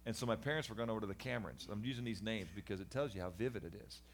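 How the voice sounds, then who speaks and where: A man's voice: lowish voice, rapid-fire. Earnest middle-aged man telling his story. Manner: animated storyteller, acts out voices of people in his story; earnest and reflective, with frequent restarts. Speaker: guest sharing his life story. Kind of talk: candid personal testimony in conversation.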